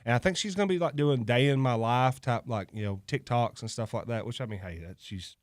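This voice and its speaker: A man's voice: medium pitch, fairly quick, no echo. A man hosting a local radio show, chatting loosely, joking and laughing between sponsor reads in a studio. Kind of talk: casual on-air chat with sponsor reads. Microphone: studio microphone.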